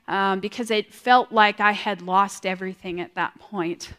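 Woman giving an earnest, halting testimony. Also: medium pitch, steady tone, a bit bright. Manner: halting, repeats words, earnest. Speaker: speaker sharing a testimony. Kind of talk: personal testimony talk. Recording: long hall reverb.

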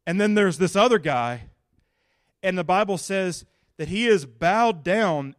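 A male pastor preaching a sermon in a folksy, casual, animated way. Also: high-pitched, moderate pace, dry recording, clean studio sound.

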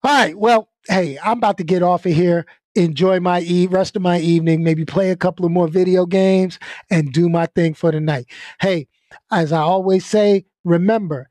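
A man's voice: high voice, normal speed, darkish tone, no room sound. A man hosting his own channel, venting in a casual, blunt way, stumbling over and repeating words and laughing between points. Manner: laid-back, blunt, repeats himself, laughs often. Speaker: channel host.

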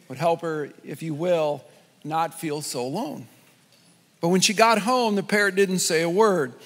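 A man preaching a sermon as a pastor, telling a joke in a conversational, lively storytelling way. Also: a little high, big-room sound.

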